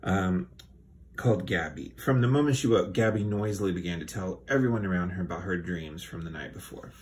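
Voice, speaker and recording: A man's voice: sits low, brisk, a little hiss or hum. Dry sarcastic man reading aloud. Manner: dry, sardonic asides. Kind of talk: sarcastic comedic book reading.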